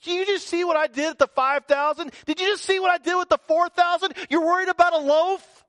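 A man's voice: very high voice, steady tone, fairly quick, fairly bright tone, no echo, voice pushed up. A man putting on an exasperated, incredulous teacher. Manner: incredulous rhetorical questions.

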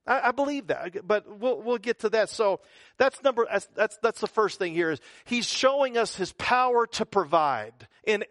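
A man's voice: sits high, fairly bright tone, dry recording, studio quality. A male pastor preaching a conversational sermon, full of rhetorical questions and repeated phrases.

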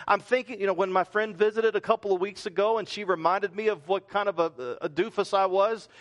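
A man's voice: high voice, steady tone, brisk, a bit bright. A middle-aged male pastor preaching a conversational sermon, often repeating words and asking rhetorical questions.

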